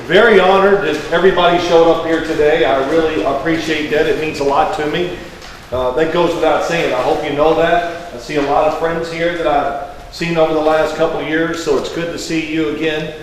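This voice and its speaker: A man's voice: a little high, fairly even intonation, fairly quick, slight background noise. A man in his sixties with a Kentucky accent, giving a folksy, joking speech as guest of honor. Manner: folksy, joking, rambling anecdotes. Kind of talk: public speech. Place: large indoor hall. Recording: echoey hall, distant mic, faint background.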